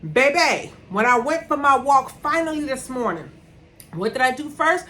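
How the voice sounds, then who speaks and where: A woman's voice: high-pitched, very animated, moderate pace, pushed and bright. A middle-aged woman telling a personal story as a motivational vlogger, talking from a room at home and repeating words for emphasis.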